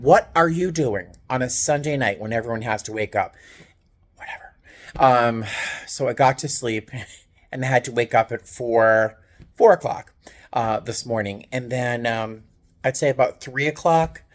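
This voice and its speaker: A man who works as a flight attendant tells a story in a casual video diary. He speaks from a hotel room on a layover, and his manner is animated, wry and self-mocking. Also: medium pitch.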